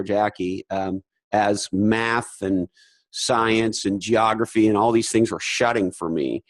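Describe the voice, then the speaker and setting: A man in his forties, a podcast host, telling his life story in a halting, rambling way and swearing casually. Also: lowish voice, no echo, low-quality recording.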